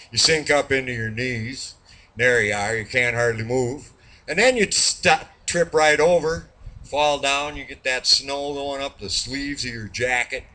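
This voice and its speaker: A man's voice: mid-range voice, sharp tone. A man telling a long, rambling joke in a bar, folksy and drawn out with lots of fillers. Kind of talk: rambling storytelling.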